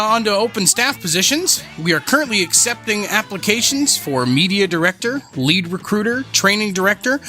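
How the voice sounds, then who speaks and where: A man's voice: high voice, bright, forceful tone. A man co-hosting a gaming podcast, reading community news in a breezy, joking way. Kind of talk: casual podcast news read.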